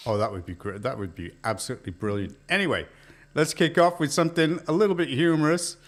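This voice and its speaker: A man's voice: a little high, fast. A man hosting a casual chat show, joking and laughing often with his co-host.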